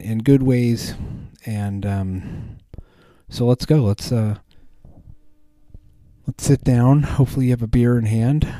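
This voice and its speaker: Man, podcast host, casual rambling talk, fillers and restarts, low pitch, dry close sound. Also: warm tone, dry recording. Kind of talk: casual chat.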